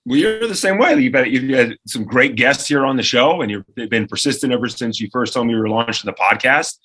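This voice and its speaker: Radio co-host in his forties, animated storyteller; bright, slightly husky voice. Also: medium pitch, brisk. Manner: animated storyteller who acts out quoted voices. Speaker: radio co-host and producer, podcast guest. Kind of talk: lively anecdote-telling in conversation.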